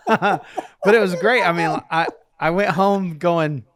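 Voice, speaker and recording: A man's voice: high-pitched, slow pace, a bit bright, no echo. A man in his forties, a podcast co-host, telling family stories in a rambling, chuckling way with many restarts. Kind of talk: casual chat.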